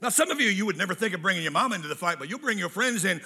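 A man preaching a sermon as a pastor, lively and humorous, acting out quotes in different voices and repeating key phrases. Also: sits high, very fast, husky.

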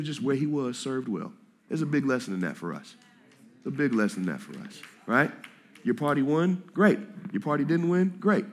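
Animated, casual-talking male preacher. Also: on the high side. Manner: animated, conversational preaching with slang. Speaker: pastor. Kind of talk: sermon. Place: church hall with congregation.

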